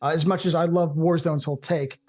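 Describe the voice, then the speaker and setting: A man co-hosting a casual movie podcast, opinionated and animated, with profane banter. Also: a little high, brisk, soft background music. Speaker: co-host.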